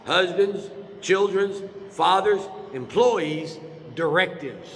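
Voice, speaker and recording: A man's voice: sits high, animated, slow pace, a little hiss or hum. A male pastor preaching a sermon in a church, emphatic, firing rhetorical questions at his congregation. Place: church sanctuary. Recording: reverberant church hall.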